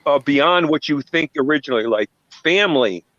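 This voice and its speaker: A man's voice: a little high, lively intonation, normal speed, fairly bright tone, dry recording. A middle-aged man hosting a live online panel, telling a personal story in an earnest, casual way. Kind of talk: casual chat. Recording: dull, dry sound.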